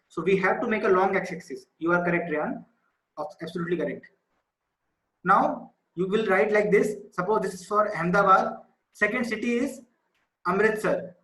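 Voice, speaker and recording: Guy teaching maths on a video call, high voice, patient, lots of room echo. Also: a bit bright. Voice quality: patient, explanatory, repeats key numbers. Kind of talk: online class lesson. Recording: echoey room.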